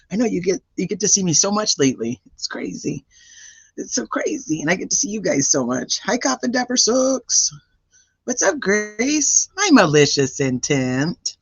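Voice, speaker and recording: A chatty man who is fighting a cold hosts a true-crime livestream and rattles off greetings to his viewers. His fairly high voice swings animatedly up and down. The sound is dry and a little dull and lo-fi. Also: dry recording. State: voice roughened by a cold. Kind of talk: casual livestream chat, greeting viewers by name.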